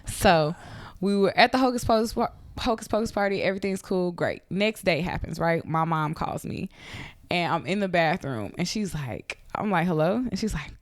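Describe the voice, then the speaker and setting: A woman's voice: moderate pace, no echo. A woman in her thirties, a podcast co-host, telling a story casually and acting out the voices in it. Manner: animated, acts out quoted voices with big pitch jumps. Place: Atlanta.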